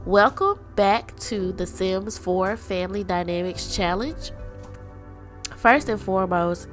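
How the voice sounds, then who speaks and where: A woman's voice: medium pitch, takes it slowly. A woman hosting a gaming channel, sounding stuffy and congested, chatting casually with lots of ums and laughs. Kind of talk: casual gameplay commentary. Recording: faint music behind.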